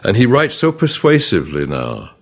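Animated deep-voiced man teaching Bible study. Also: normal speed. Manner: reads verses aloud with punctuation, animated emphasis.

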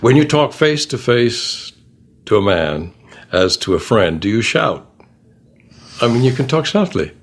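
A man's voice: mid-range voice, sing-song, unhurried, pauses often. A man leads a Bible study, reading passages aloud with expression. His voice rises and falls over a wide range, and he keeps turning to the class with questions.

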